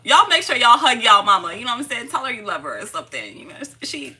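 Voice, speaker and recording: This tarot channel host, a woman in her thirties, talks at a quick pace with a fairly high pitch and a sharp tone. Very animated, she chats casually on her live stream, laughing a lot and warmly welcoming viewers.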